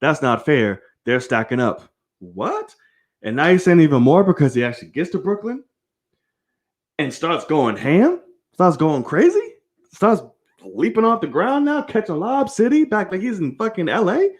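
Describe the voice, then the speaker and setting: Animated man ranting about sports. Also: high voice, moderate pace. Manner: animated, profane, heated opinions; addresses viewers directly. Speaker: host of a live sports show. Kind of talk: live-streamed sports rant.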